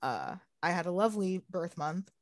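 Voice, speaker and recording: A young woman co-hosting a podcast in casual chat, animated, swearing freely and laughing often. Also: on the low side, moderate pace, no echo, studio quality. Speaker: podcast co-host.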